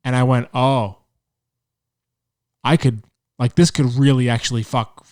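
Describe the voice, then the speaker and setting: A man's voice: medium pitch, fairly even intonation, a little slow, darkish tone, no echo. Wisecracking man, dry close sound. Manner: wisecracking, jumps in with jokes. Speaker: podcast co-host. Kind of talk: casual chat.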